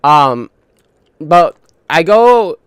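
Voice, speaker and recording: A man's voice: fairly high pitch, very animated, extremely slow, a bit bright, clear, resonant tone, dry recording, studio quality. A young man telling work stories in a casual, profane, rambling monologue full of fillers and retold dialogue. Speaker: gaming channel host.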